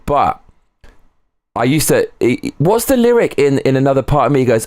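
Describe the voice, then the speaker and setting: A man's voice: mid-range voice, animated, brisk, darkish tone, no room sound, studio quality. A man streaming live from home, chatting casually, rambling and swearing as he goes. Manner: rambling, swearing, breaks into sung snatches. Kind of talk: casual livestream chat.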